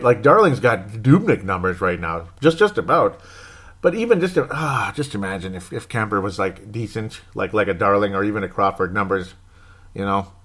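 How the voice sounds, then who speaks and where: A man talks through his thoughts in a loose, rambling way, often catching and correcting himself mid-sentence. His voice sits somewhat low, and an anxious, wry edge runs through it, with frequent small chuckles. It has the unscripted feel of a casual solo podcast host. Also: fairly bright tone. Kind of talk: casual solo sports commentary.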